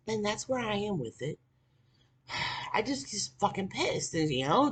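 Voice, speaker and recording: A vlogger in their forties, talking in a casual monologue, ranting bitterly with lots of swearing and filler words, dropping to low mutters and rising to shouts. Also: expressive, measured pace, pauses often, husky. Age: 40s.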